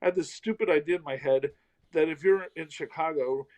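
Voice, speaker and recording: A man's voice: on the high side, a little fast, a little mellow, rough recording. A middle-aged man from the American South, a comedian telling a self-deprecating story in a casual interview. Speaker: comedian guest.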